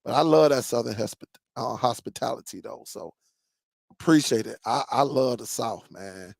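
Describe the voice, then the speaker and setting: A forties-aged man chats casually with his live stream viewers, laid-back and telling stories, with "man" coming up often. His medium-pitched voice is a little mellow with vocal fry, moving at a moderate pace in a dry recording.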